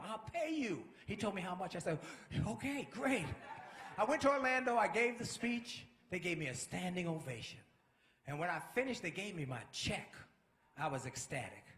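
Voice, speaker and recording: A man giving a motivational speech with an energetic, preacher-like delivery that builds to shouts. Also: sits high, roomy sound. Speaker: motivational speaker. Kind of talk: inspirational speech.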